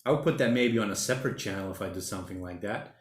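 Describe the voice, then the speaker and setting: A man's voice: fairly low pitch, fast. Rambling man chatting on a roomy livestream. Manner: rambling, thinking out loud, says mate and man a lot. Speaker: livestream host reading viewer chat. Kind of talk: casual solo livestream chat. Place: home during lockdown. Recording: roomy home room echo.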